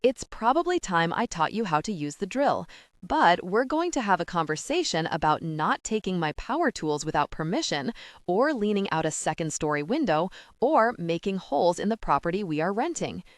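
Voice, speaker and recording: A woman voicing a kind, worried middle-aged father and math teacher who squeaks when upset. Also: sing-song, normal speed, no room sound, clean studio sound. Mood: gentle.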